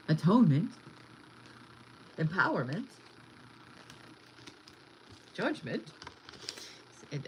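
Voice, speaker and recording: Blunt, animated woman reading cards. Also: on the low side, takes it slowly, pauses often, dull audio, a little hiss or hum. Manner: blunt, chatty, swears freely. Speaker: tarot reader. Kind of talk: casual one-on-one card reading.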